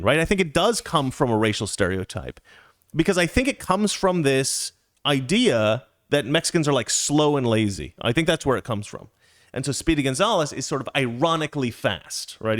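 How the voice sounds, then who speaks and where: A man's voice: fairly high pitch, fairly bright tone. A middle-aged man telling a rambling, chatty story as a casual monologue, with playful asides.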